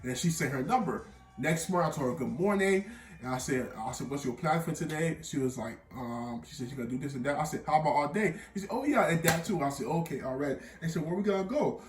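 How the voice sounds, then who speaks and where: A young man telling an animated storytime tale full of slang, with bursts of laughter. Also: a little high, fast talker, far from the mic, soft background music. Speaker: vlogger. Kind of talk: storytime vlog. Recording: echoey room, off-mic.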